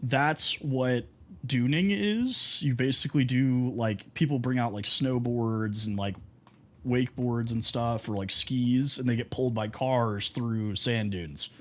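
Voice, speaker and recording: Unhurried and medium in pitch, this young man from Texas talks while he games on stream. His casual storytelling wanders, packed with filler words.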